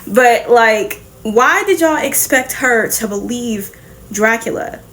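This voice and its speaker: Animated woman recapping a comic. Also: a little high. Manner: animated, profane storytelling with quick laughs. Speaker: comic book review host. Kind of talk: casual recap and reaction.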